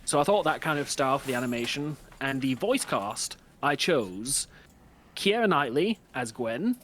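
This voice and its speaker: A man in a casual book club chat, pitching ideas with rambling enthusiasm. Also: sing-song, moderate pace, fairly bright tone, slight background noise.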